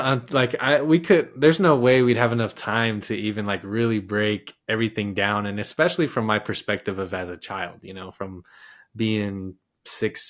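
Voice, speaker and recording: A man in his thirties from Texas, a podcast guest telling a childhood story in a lively, casual way with many restarts. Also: fairly low pitch.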